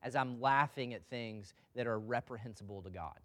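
A man's voice: mid-range voice, moderate pace, fairly bright tone. A man preaching a sermon in a loose, conversational way, often putting questions to the congregation.

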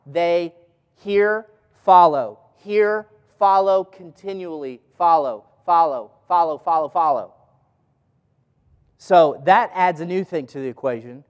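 A man's voice: high voice, in a large hall. A man teaching a Bible study as a pastor, often asking the audience questions.

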